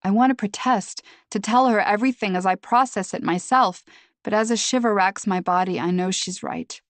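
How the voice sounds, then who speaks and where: A woman reading a mystery novel aloud in first person, steady and measured, close to the microphone. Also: mid-range voice, dry recording. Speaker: audiobook narrator.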